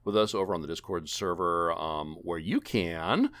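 A man's voice: low-pitched, moderate pace, fairly bright tone, clean tone. A man hosting a casual gaming podcast, rambling and joking with many fillers and restarts. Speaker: podcast host. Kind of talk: casual gaming podcast chat, wrapping up the show.

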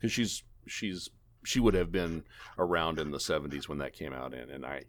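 A man's voice: extremely low pitch, expressive, normal speed. A man hosting a casual gaming podcast, rambling and joking with many fillers and restarts. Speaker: podcast host. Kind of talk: casual gaming podcast chat, wrapping up the show.

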